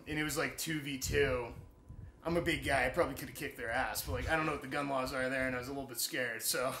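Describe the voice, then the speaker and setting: A man's voice: mid-range voice, pushed and bright. A young man casually telling a story in an interview, swearing freely and laughing between beats. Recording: roomy echo.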